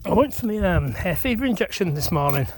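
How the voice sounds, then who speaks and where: In a noisy outdoor recording, a man lays blocks on a building site and chats casually to camera, rambling and running himself down. He talks fast, with a high-sitting, expressive voice. It's a relaxed vlog conversation as he works.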